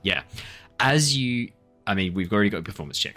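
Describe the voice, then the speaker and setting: A man's voice: sits low, brisk, a bit bright, faint music behind. A man narrating as game master of a tabletop game in a casual, hedging way.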